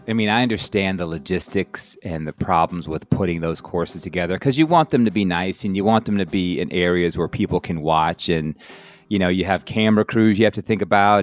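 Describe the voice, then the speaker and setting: Very deep-voiced Southern man hosting. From American South. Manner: relaxed, rambling questions with fillers. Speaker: podcast host. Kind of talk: casual interview chat.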